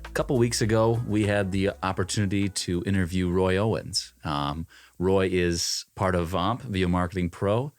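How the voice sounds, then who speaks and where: A man hosting a podcast, introducing segments in a brisk, announcing manner. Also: low-pitched, steady tone, no echo, soft background music. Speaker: podcast host.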